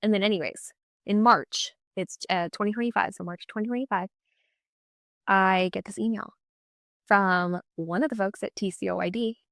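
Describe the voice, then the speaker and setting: A woman's voice: mid-range voice, steady tone, moderate pace, vocal fry, fairly bright tone, no echo, clean studio sound. A woman in her twenties hosting a podcast, telling a personal story in a chatty, upbeat way and acting out the dialogue she quotes. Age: 20s. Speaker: podcast host. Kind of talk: casual solo storytelling.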